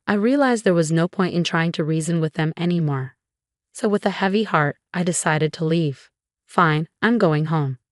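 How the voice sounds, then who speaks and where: Woman, story narrator, measured reading, low voice, dry close sound. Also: no room sound. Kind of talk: scripted first-person story narration.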